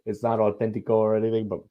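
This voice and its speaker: A man's voice: lowish voice, lo-fi sound. A man co-hosting a casual live football watch-along, laid-back and swearing freely, with lots of "man" and "yeah". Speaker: co-host.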